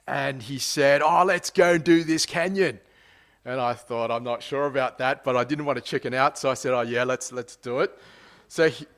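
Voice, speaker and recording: Chatty preacher man, slightly high voice. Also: a bit bright, clean tone. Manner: conversational, tag questions, frequent fillers. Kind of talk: sermon with personal storytelling.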